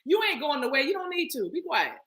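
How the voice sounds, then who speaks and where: A woman giving a casual spiritual reading to her viewers, animated and playful, laughing and breaking into bursts of speaking in tongues. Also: high voice, quick pace. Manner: playful, laughs often, talks to viewers as y'all. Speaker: spiritual reader.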